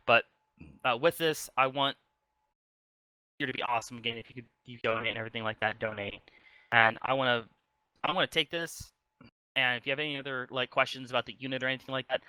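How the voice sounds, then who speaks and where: A man's voice: mid-range voice, pushed and bright, no room sound, poor audio. A man leading an online community meeting in a casual, rambling way, full of restarts and fillers, over a voice chat mic. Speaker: community leader running a meeting. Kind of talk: casual online town hall talk.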